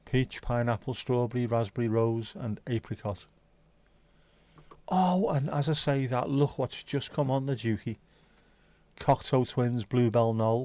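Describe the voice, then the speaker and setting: A man chats casually on his livestream, wandering from topic to topic with blunt, sweary asides. His voice sits at a middling pitch. The sound is dry and close, with no room echo. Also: measured pace, a little mellow. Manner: rambling, chatty, sweary asides. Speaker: livestream host. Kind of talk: casual solo livestream chat. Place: home.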